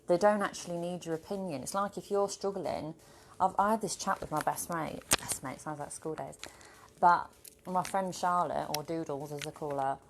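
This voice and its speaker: A woman's voice: lowish voice, darkish tone, slight background noise. A woman vlogging casually to a camera on a tripod at home, rambling and swearing freely. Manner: rambling, swears freely, bursts into laughter and playful voices. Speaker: spiritual vlogger. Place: home with her dog.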